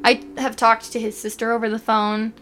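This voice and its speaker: A woman's voice: on the high side, little pitch movement, moderate pace, a bit bright, slight background noise. A young woman co-hosting a podcast, chatting casually, telling stories and laughing often. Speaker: podcast co-host. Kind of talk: casual chat.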